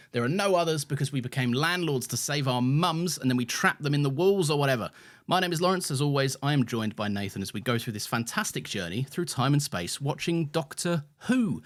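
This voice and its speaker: A man's voice: mid-range voice, brisk. A man co-hosting a podcast, chatting playfully and laughing often. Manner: giggly, playful, animated. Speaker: podcast co-host. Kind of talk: casual chat.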